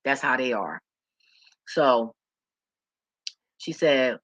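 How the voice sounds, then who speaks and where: Forceful, blunt ranting woman. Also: low voice, normal speed, husky, no echo, lo-fi sound. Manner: blunt, profane and heated. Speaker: vlogger. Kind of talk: profane storytelling rant.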